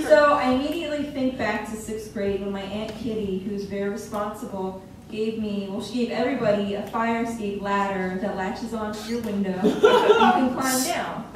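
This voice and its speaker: A woman's voice: mid-range voice, animated, normal speed, background noise. A young woman telling a comedic story live on stage, laughing often as she goes. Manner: laughing often through her own story. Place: theater stage. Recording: very echoey hall from far off.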